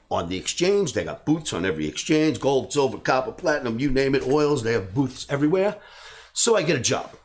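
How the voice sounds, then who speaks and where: A man in his sixties, a trading educator, telling a personal story in an animated way and bursting into shouts when he acts out scenes. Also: medium pitch.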